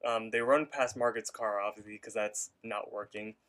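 A man co-hosting a podcast loosely recaps a cartoon episode in casual style, packing in lots of fillers. His voice sits fairly low and a bit bright, with fairly even intonation at a normal speed.

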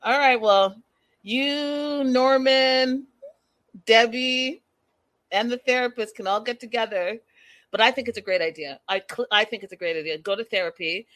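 Chatty woman doing a show recap, gossipy and lively, dry close sound. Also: on the low side, dry recording. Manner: animated, gossipy, dramatic asides. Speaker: vlogger recapping a reality show. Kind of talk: casual chat.

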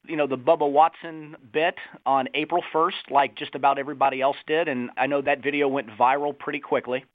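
A man's voice: mid-range voice, flat delivery, brisk. Eager man on a tinny phone line. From Ohio. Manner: eager, chatty, with filler phrases. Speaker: golf club managing director. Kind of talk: phone interview guest. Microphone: telephone.

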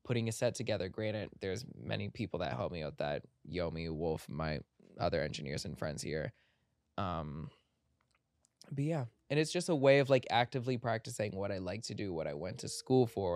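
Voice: sits low, no room sound. A podcast host in casual chat, rambling and playful, full of "like" fillers, recorded in a studio.

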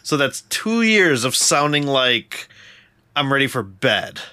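A man's voice: medium pitch, big pitch swings, takes it slowly, pushed and bright, clean tone, no room sound. A man co-hosting a podcast in a laid-back, self-deprecating way, chuckling as he talks. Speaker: podcast co-host. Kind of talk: casual podcast chat.

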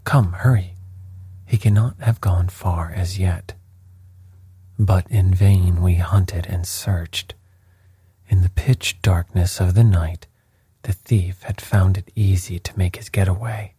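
A male narrator reads in a soft, measured whisper. His voice is low and dark, very breathy. The sound is dry and close to the mic. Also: dry recording. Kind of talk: whispered storytelling.

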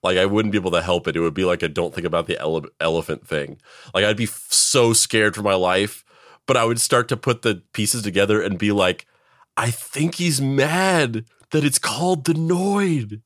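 A man with a low voice co-hosting a casual podcast, rambling and restarting as he laughs. He leaps up in pitch to act out quotes, and the recording sounds close and dry. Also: brisk, fairly bright tone, dry recording. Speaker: podcast co-host.

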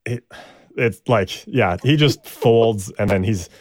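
A man's voice: on the low side, slow, dry recording. Rambling male hockey podcast host. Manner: rambling, hesitant with many ums and restarts. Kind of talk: casual sports podcast chat.

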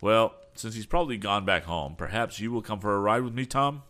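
A man's voice: fairly low pitch, a little fast, a bit bright, voice pushed up, close to an everyday voice. A man doing a coaxing, polite business agent. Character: smooth persuasive middle-aged male agent.

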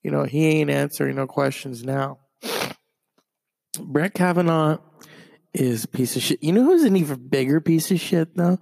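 A man delivers a profane comedic rant, rambling and padding his talk with fillers. His voice sits somewhat high and carries a gravelly fry. The sound is dry and close. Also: expressive, moderate pace, long pauses, darkish tone, no room sound. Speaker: comedic commentator.

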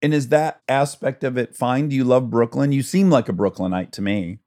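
A man's voice: mid-range voice, normal speed, darkish tone. Chatty man hosting a podcast. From Detroit, Michigan. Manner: chatty, curious questioner. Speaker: podcast host. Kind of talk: casual podcast interview.

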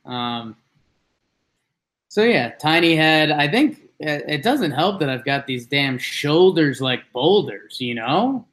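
A man's voice: animated, slow pace, a bit bright. A man in casual podcast chat, telling a rambling story and acting out what people said. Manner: rambling storyteller, acts out quotes with jumps in pitch.

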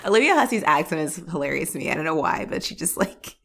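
Lively, laughing woman recapping a movie. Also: low voice, quick pace, vocal fry. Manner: animated, laughing recaps with acted-out quotes. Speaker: podcast co-host. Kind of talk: casual movie-recap chat.

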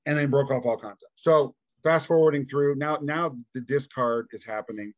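Appearing as a podcast guest in a casual storytelling interview, a man recounts a long personal story at a moderate pace and medium pitch, voicing its characters and laughing frequently. The recording is muffled but has no room sound.

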